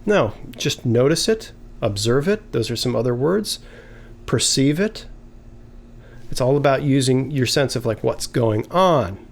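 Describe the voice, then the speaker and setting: A man teaching a lesson in a relaxed, conversational way, now and then acting out short example phrases. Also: mid-range voice, measured pace. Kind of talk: explanatory lesson.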